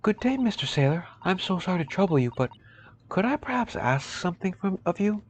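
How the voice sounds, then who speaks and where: A gentle, courteous young maid speaks in a high, soft voice, put on by a man in falsetto. Every word is overly polite, with a faint hiss in the recording. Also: sing-song, brisk.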